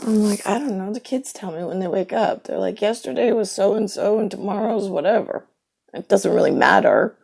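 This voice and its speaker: A woman's voice: fairly low pitch, vocal fry, dark tone. A woman telling a story into the camera that turns into a bitter, profane, sarcastic rant. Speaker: vlogger. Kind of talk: ranting personal monologue.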